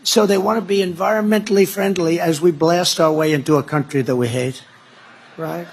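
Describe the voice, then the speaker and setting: A man giving a campaign speech at a rally, rambling and repeating himself, building to loud emphatic declarations. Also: on the high side, fairly even intonation, a little fast, gravelly, slightly rough. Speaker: political speaker at a rally.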